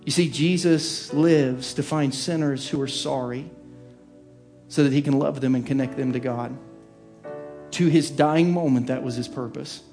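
A pastor preaches a heartfelt, earnest sermon from the pulpit, weaving in a personal story. His voice is slightly higher than most men's and often sinks to a soft hush, while faint instrumental music plays quietly beneath.

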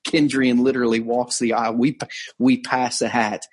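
A man, a pastor, telling a story in a conversational sermon, earnest, slowing down to stress key points. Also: mid-range voice, level tone, slightly rough. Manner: earnest storytelling, frequent restarts and slowed emphasis. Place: on location abroad.

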